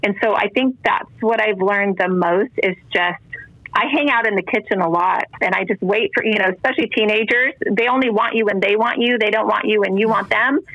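A woman's voice: medium pitch, fairly quick, a bit bright, no echo, highs cut off. A woman in her forties, a guest and mother of ten, talking earnestly about faith and motherhood with many restarts. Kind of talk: casual faith interview talk.

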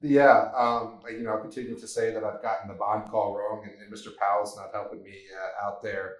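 A man co-hosting a podcast about markets, speaking in a measured way with frequent hesitations. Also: on the low side, little pitch movement. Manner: measured, hesitant, many fillers. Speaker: podcast co-host. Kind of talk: casual market chat. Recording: echoey room.

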